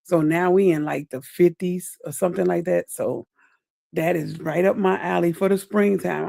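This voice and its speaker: A woman's voice: lowish voice, steady tone, moderate pace, vocal fry, warm tone, no echo, studio quality. A woman hosting a casual livestream update, chatting at length with her viewers and calling them y'all and baby. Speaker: livestream host. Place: at home.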